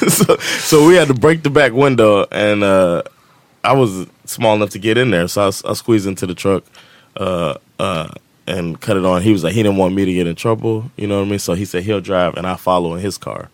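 A podcast co-host with a low-pitched voice tells a story at a normal pace on a casual show, laughing often and acting out the voices of the people involved. The recording is dry.

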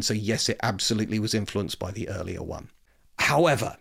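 Man, mid-pitched voice, chatty history explainer, lots of fillers. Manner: rambling, full of fillers and restarts. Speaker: host. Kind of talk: casual history talk.

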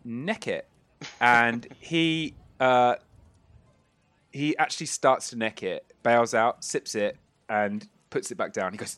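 A man's voice: mid-range voice, takes it slowly, fairly bright tone, dry recording. A man narrating as game master of a tabletop game, rambling with many fillers.

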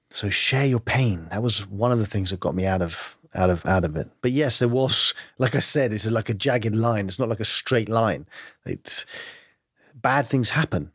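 A man's voice: on the low side, moderate pace, fairly bright tone, breathy edge, no echo, studio quality. A man as an interview guest, speaking candidly and reflectively about hard times, with frequent laughs. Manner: reflective, earnest, laughs often.

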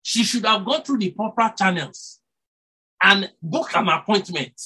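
A man preaches to his congregation, his voice swinging widely between high and low. His tone is slightly husky. He stops and restarts phrases as he builds his points. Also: a little slow, poor audio. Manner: animated, rises and drops for emphasis, self-corrects, chuckles. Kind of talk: sermon.

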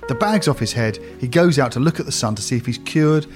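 A man's voice: mid-range voice, animated, fast, over music. A man hosting a podcast, reflecting aloud in a thoughtful, analytical way. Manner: thoughtful, analytical, builds ideas aloud with small restarts. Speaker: podcast host. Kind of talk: conversational podcast discussion.

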